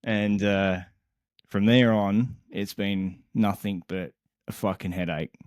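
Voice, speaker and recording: Man, young adult, low voice, dry sound, animated, exasperated, heavy swearing, casual podcast storytelling. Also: takes it slowly, dry recording. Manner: animated, exasperated, swears constantly, laughs mid-sentence. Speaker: podcast co-host.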